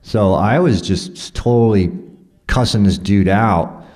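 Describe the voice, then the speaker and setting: A man's voice: fairly low pitch, takes it slowly, darkish tone. A man telling a rambling personal story in a profane, conversational way, full of fillers and restarts.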